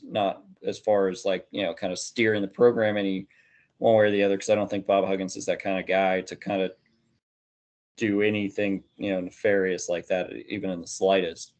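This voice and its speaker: Low-voiced man rambling on a podcast. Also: steady tone, normal speed, darkish tone, highs cut off. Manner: rambling, hedging with many fillers. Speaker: podcast host. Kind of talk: casual sports podcast chat.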